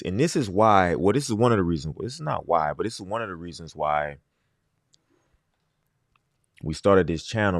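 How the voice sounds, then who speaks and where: A man's voice: sits low, no echo, clean studio sound. A man hosting a livestream, talking in a casual, emphatic way and repeating his points. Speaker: livestream host.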